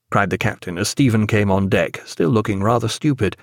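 A man reading a novel aloud as an audiobook narrator, in a measured storytelling manner. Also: lowish voice, dry recording, studio quality. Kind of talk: scripted narration.

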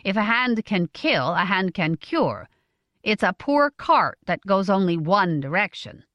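A woman's voice: mid-range voice, sing-song, unhurried, fairly bright tone, no echo, lo-fi sound. A woman voicing a practical village witch woman in an audiobook, dry and down-to-earth. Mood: blunt. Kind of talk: audiobook character voice.

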